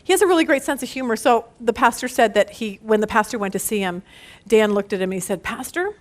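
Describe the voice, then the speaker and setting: A woman with a notably high voice teaches a women's Bible study. She talks in a casual, conversational way and tells her stories with lively animation, often breaking into laughter at them. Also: quick pace.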